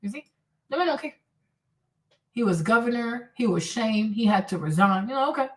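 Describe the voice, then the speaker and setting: Woman, commentary host, blunt, scolding, rhetorical questions, slightly higher pitch. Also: lively intonation, brisk, a bit bright, far from the mic. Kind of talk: casual commentary.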